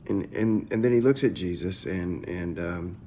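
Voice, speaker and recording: A man's voice: sits low, normal speed, dark tone, a little hiss or hum. A man, a pastor, giving a casual morning devotional in a conversational, searching way, often repeating his words. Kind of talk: short devotional talk.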